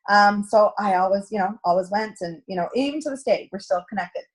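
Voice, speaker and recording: A woman's voice: medium pitch, a little fast, husky. A middle-aged woman coaching a direct sales team in a chatty storytelling talk, acting out quoted dialogue. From Canada.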